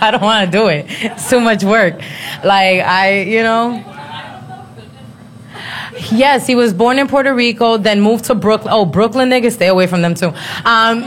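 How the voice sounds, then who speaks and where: A woman in her thirties talking in a casual chat, blunt, profane and quick to laugh. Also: mid-range voice. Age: 30s.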